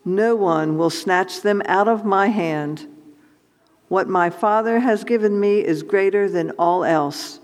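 A man reading scripture aloud in church, slow and measured. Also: sits high. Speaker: scripture reader. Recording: long church reverb from off mic.

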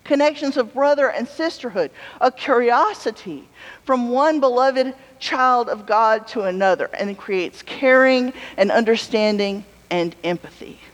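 A woman preacher giving a sermon in a relaxed, conversational way, telling stories with humorous asides. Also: a little high, unhurried. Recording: long hall reverb.

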